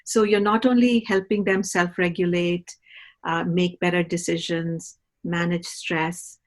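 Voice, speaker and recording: A middle-aged woman who educates parents speaks unhurriedly in a fairly low voice with little pitch movement. Patiently teaching in a podcast conversation, she often wraps up points with a questioning "right?" to check in.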